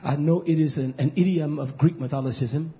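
A male pastor preaching a fiery sermon, swinging from loud shouting to hushed near-whispers and repeating key phrases. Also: fairly high pitch, brisk. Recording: dull lo-fi recording.

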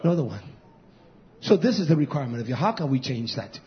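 A male pastor preaching a fiery sermon, swinging from loud shouting to hushed near-whispers and repeating key phrases. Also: medium pitch, sing-song, quick pace. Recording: dull lo-fi recording.

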